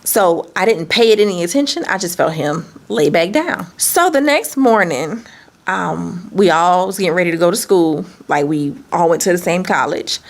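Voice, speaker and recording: A woman telling a candid, animated personal story in a vlog, swearing freely. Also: on the low side, creaky. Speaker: business owner and vlogger.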